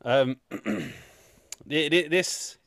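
A man's voice: mid-range voice, big pitch swings, very slow, fairly bright tone, no room sound, studio quality. A man co-hosting a podcast in casual chat, rambling with many restarts and crude jokes. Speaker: podcast co-host.

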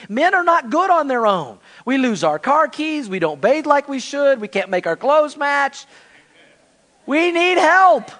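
Brief: man pastor, animated conversational sermon, high voice.

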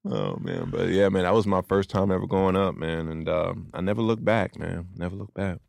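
A man, a comedian, telling stories in a casual chat, animated and often laughing. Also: deep voice, normal speed, vocal fry, dry recording. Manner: animated storyteller, acts out quotes, laughs often. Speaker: comedian guest.

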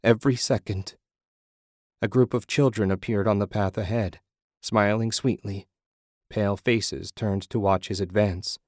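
A man narrating a horror story in a steady, measured reading. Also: on the low side, no echo, studio quality.

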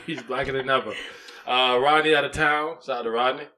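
A man's voice: mid-range voice, steady tone, a little fast, bright, forceful tone, soft background music. A man hosting a podcast in casual chat, laid-back and teasing, talking into a studio mic. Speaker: podcast host.

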